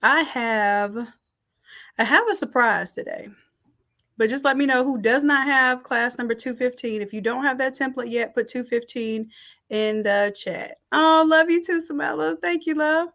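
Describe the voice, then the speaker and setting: A middle-aged woman teaching a design class on a live stream, reading out the chat and warmly thanking people by name. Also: high voice, normal speed. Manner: warm, effusive thanks and shout-outs.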